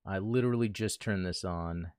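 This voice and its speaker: A man's voice: sits low, moderate pace, a little mellow, smooth, no room sound, clean studio sound. A man hosting a casual livestream from home, chatting with viewers while setting up and thinking aloud, talking into a desk mic. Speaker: livestream host. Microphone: desk mic he talks into.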